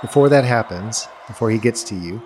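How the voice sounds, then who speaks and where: Male game master, lowish voice, unhurried scenic narration. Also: noisy background. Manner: slow, descriptive storytelling.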